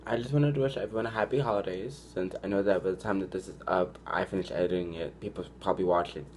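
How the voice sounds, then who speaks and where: A man's voice: deep voice, steady tone, fast, a little mellow, slight background noise. A young man talking casually to his viewers, giving advice in a loose, chatty way, filling his speech with "like" and restarting sentences often. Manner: chatty, heavy use of "like", restarts, acts out quoted lines. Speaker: vlogger.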